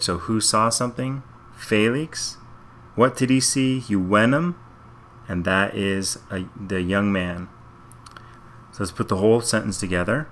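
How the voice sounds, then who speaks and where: A man's voice: lowish voice, pushed and bright, a little hiss or hum. A man teaching Latin, working through a reading passage sentence by sentence and thinking aloud in a methodical way. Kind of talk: slow step-by-step translation walkthrough.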